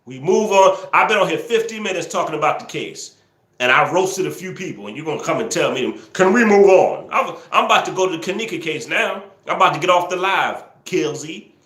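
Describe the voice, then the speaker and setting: Animated man yelling at his live chat. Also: a little high, fairly quick, roomy sound. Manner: teasing, scolding trolls, yelling excitedly at times. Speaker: livestream host. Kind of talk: casual live-stream commentary, talking to the chat.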